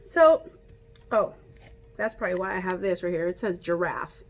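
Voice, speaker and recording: A woman reading a picture book aloud to children, animated and playful, coaxing them to join in with call-and-response. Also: fairly low pitch, brisk. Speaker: children's storyteller.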